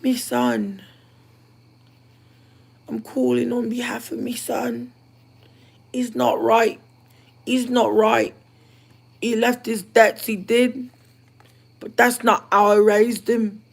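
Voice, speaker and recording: A woman's voice: flat delivery, creaky, slightly rough, full character voice. Woman putting on a fretful rural Irish mum. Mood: pleading. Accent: put-on rural Irish. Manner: high, loud, slow and lilting. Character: fretful rural Irish mother apologizing for her son.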